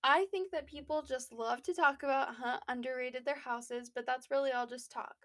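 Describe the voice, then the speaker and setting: A woman's voice: sits high, steady tone, moderate pace, fairly bright tone. A young woman co-hosting a podcast in casual chat, talking with lots of fillers and restarts. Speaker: podcast co-host.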